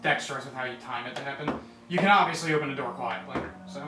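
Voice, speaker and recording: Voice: mid-range voice, fast, noisy background. Chatty game master in an echoey room. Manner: loose, chatty narration with fillers and laughs. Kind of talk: narrating a tabletop game. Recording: echoey room from far off, faint music.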